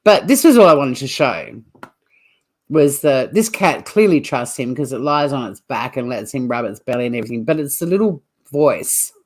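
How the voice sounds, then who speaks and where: An Australian woman with a low, darkish voice hosts a livestream. Her casual live commentary is chatty and blunt, sprinkled with laughing asides.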